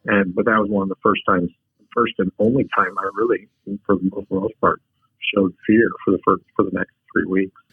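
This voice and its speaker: A man's voice: lowish voice, lively intonation, fairly quick, gravelly, husky, no room sound. A man telling a frank personal story as a podcast guest, a take-charge talker who often restarts his sentences. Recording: tinny phone-like line.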